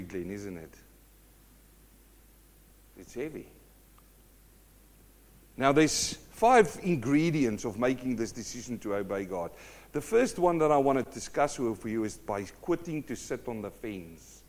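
A middle-aged man preaching a sermon, telling stories with lively acted-out voices. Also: mid-range voice. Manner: animated storytelling, acts out quoted voices.

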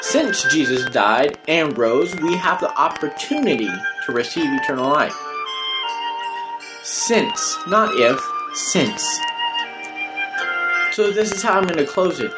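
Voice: medium pitch, very animated, normal speed, few pauses, loud music behind the voice, rough recording. A preacher giving an emphatic, repetitive sermon in a casual, slangy way.

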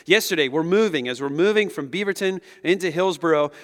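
A man in his thirties, a pastor giving a conversational, animated sermon and chuckling often as he speaks to the room. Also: on the high side, a little fast. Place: large hall with an audience. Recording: long echo of a big hall.

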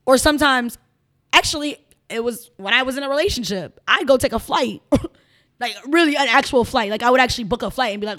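A woman with a Chicago accent chats as a podcast guest, with a fairly high-pitched voice. She is animated and emphatic as she tells her stories. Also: a little fast. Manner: animated, emphatic storyteller who slips into mimicked voices. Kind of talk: casual interview chat.

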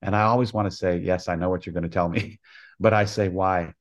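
An older man, a college softball coach, telling stories in an interview with an earnest manner, acting out the voices of people he quotes. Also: low-pitched, steady tone, quick pace. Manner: earnest storyteller who acts out quoted dialogue. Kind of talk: storytelling interview.

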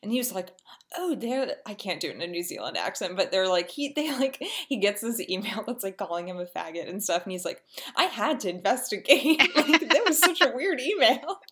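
Woman, podcast co-host, casual excitable chat, lively pitch. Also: brisk, hardly any pauses, a little hiss or hum. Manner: excitable, gasps and laughs.

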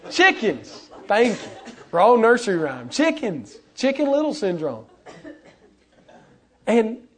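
High-voiced lively male preacher. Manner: animated, acts out quoted voices. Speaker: pastor. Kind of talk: sermon.

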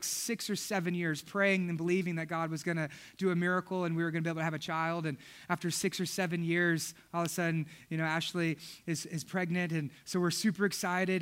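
A man in his thirties preaching a sermon, telling a lively personal story with acted-out quotes. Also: high voice, clean tone. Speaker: pastor.

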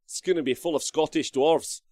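A man's voice: a little high, brisk, darkish tone, no echo, studio quality. A young man hosting a casual livestream, rambling, reading chat comments aloud and swearing freely. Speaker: livestream host.

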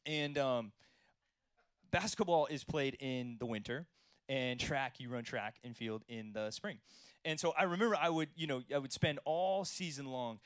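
A man preaches a sermon in a lively storytelling way, dropping to quiet, intimate lines and then rising to loud bursts. His voice sits at a middle pitch. The sound is dry and close, with little room echo. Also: moderate pace, smooth. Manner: animated storytelling, swings between soft and loud. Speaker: pastor.

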